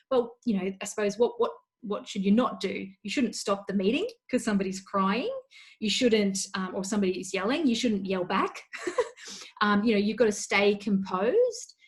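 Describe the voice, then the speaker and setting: Woman coach giving practical advice. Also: medium pitch. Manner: practical, steady, lots of "you know" fillers. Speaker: coach and consultant, guest. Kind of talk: remote webinar advice talk.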